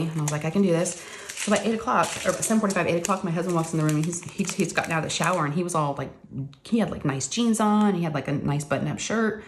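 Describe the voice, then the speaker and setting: A woman in her thirties or forties telling a rambling story to her viewers. She has a somewhat low voice, keeps it casual and easy with lots of fillers, and a faint hiss sits behind her. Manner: rambling, addresses viewers as y'all, uses many fillers. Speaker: crafting channel host.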